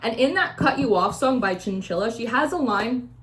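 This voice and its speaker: A woman's voice: fairly high pitch, animated, normal speed, fairly bright tone. A young woman giving a casual intuitive tarot reading, rambling with many fillers and acting out quoted voices. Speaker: tarot reader.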